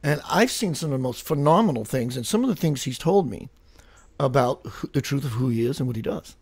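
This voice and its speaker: A man's voice: mid-range voice, expressive, brisk, darkish tone, slightly rough, dry recording. A male talk show host who speaks earnestly and with fervent conviction about his own experiences. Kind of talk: casual talk show conversation.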